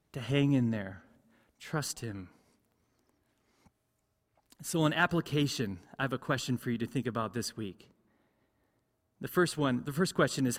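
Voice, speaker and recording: A man preaching a sermon as pastor, earnest, repeating key phrases for emphasis. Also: mid-range voice. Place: large church sanctuary. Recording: long church reverb.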